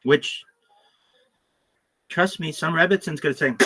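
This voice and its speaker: Lively, bright-voiced man rambling on a livestream. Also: mid-range voice, measured pace, slight background noise. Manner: crude, joking, rambling with many asides.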